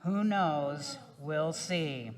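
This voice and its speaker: A woman voicing a calm, unbothered old male farmer in a spoken parable. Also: low voice, very slow. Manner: calm, even-tempered.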